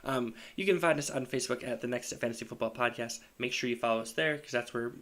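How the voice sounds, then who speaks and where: A man's voice: medium pitch, fast talker, a bit bright. A tired man hosting a casual fantasy football podcast, laid-back as he moves through the segments and sign-off. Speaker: podcast host. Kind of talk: casual sports chat.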